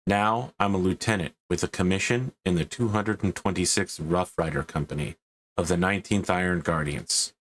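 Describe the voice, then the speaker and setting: A man's voice: deep voice, moderate pace, fairly bright tone. A man voicing a grim male lieutenant reading a solemn recruitment advert in a tabletop game. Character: grim male recruitment officer, space cat rider.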